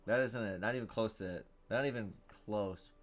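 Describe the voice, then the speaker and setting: A man giving live commentary on his own game, thinking out loud, reading card text aloud and bursting into loud cheers. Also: on the low side, moderate pace. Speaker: gameplay streamer.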